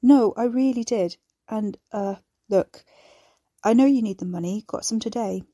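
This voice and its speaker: A woman voicing a scruffy, blunt young male lodger in a deadpan, gruff way. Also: mid-range voice, moderate pace, dry recording, studio quality, close to an everyday voice.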